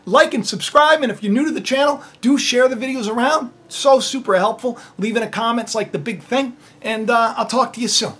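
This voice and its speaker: Animated high-voiced man vlogging. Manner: animated and rambling, tag questions. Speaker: channel host. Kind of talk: casual spiritual vlog talk.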